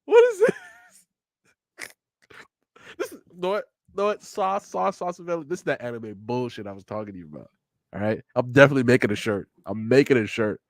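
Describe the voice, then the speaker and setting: A man's voice: medium pitch, animated, quick pace, no room sound, clean studio sound. A young man hosting a podcast, reading a manga aloud and reacting to it in casual, joking, profane commentary with bursts of laughter. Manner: joking and profane, with sudden loud laughing outbursts.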